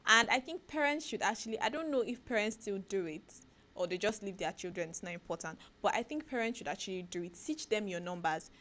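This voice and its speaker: A woman, hosting a casual radio talk segment, chatty and animated, laughing often and asking rhetorical questions. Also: mid-range voice, fairly quick. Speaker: radio show host. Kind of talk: casual talk segment giving parenting advice.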